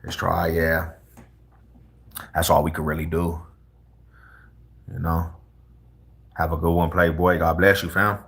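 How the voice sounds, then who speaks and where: A man's voice: low voice, flat delivery, a little slow, vocal fry, long pauses, a bit bright, breathy edge. A young man from Colorado chatting casually with viewers on a livestream, laid-back and full of street slang. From Colorado, USA.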